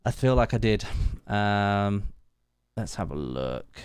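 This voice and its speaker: A man with a lowish voice reads out his viewers' names and thanks each of them in a loose, chatty live-stream manner, laughing easily as he goes. The sound is dry and close, with little room echo. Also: very animated, slow, darkish tone, clear, resonant tone. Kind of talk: casual live-stream chat while gaming.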